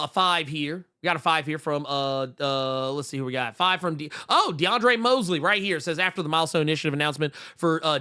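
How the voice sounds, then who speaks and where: A man's voice: high voice, sharp tone. A man co-hosting a comics podcast, ranting in a heated, profane way with lots of restarts while reading out viewer messages. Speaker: podcast co-host.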